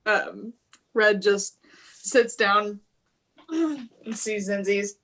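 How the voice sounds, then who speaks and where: A woman player narrating her character in a tabletop game, relaxed and affectionate. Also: mid-range voice, extremely slow. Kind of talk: tabletop role-play narration.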